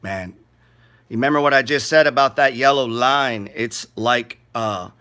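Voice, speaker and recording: A man's voice: mid-range voice, unhurried, sharp tone, smooth. A middle-aged man giving casual, rambling market commentary in a blunt, profane and sarcastic way.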